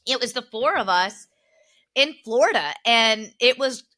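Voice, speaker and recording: A young woman co-hosting a podcast, telling family stories in a casual, animated way, laughing often and acting out what relatives said. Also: a little high, measured pace. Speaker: podcast co-host. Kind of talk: casual chat, storytelling.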